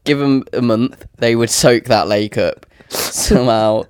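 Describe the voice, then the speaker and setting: A man's voice: medium pitch, steady tone, unhurried, clean tone, dry recording, studio quality. A young British man in casual, playful chat who laughs often.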